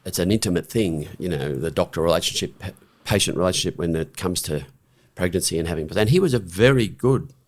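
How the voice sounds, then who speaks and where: A man's voice: low voice, brisk, hardly any pauses. A middle-aged man, a podcast guest, telling a story frankly and bluntly, with restarts and a habit of asking "right?". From Australia. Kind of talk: conversational storytelling.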